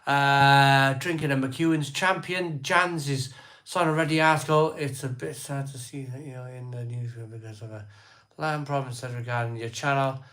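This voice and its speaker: A man hosting a casual live stream, rattling off viewers' places and beers in quick lists as he reads their comments. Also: mid-range voice, fairly even intonation, a bit bright.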